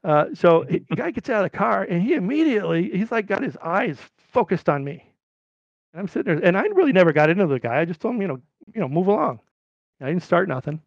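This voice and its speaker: A middle-aged man from California casually telling a long, rambling story, his voice jumping up high when he quotes people. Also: very animated, fast talker, creaky, no room sound, lo-fi sound. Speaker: podcast guest.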